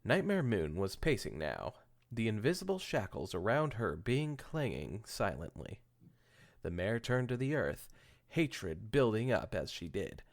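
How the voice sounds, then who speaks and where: A man's voice: fairly low pitch, sing-song, unhurried. A man hosting a podcast, reading fan fiction aloud with casual joking asides, stumbling and correcting himself as he goes. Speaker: podcast host.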